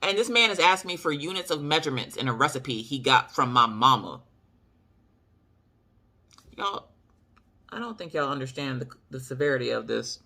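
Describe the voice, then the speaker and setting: A woman's voice: very deep voice, animated, moderate pace, pauses often, sharp tone. A woman with a Southern US accent telling a story to her viewers in a sassy, emphatic way. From Southern United States. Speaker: vlogger. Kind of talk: casual storytelling to camera.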